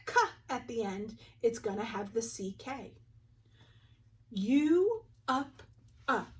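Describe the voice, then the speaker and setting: A young woman teacher giving a phonics lesson to young children, patiently sounding out each word and having them repeat it. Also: a little high. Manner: clear, patient, sounds words out slowly. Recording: voice a little distant from the mic.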